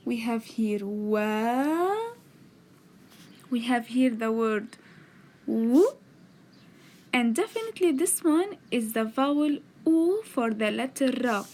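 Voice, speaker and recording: A woman speaks slowly in a high, sing-song voice that is a little mellow, captured on a tablet microphone. Her beginners' alphabet lesson is unhurried narration in which she patiently sounds out letters and words and explains each step.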